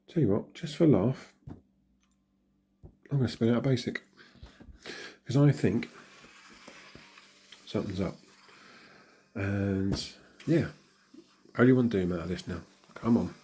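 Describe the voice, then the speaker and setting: Man with a low, hoarse, husky voice, chatting casually over game pulls. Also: slow, pauses often, mellow. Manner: chatty, mutters reactions to himself. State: hoarse from illness. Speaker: gaming channel host. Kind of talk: casual commentary while opening in-game crystals.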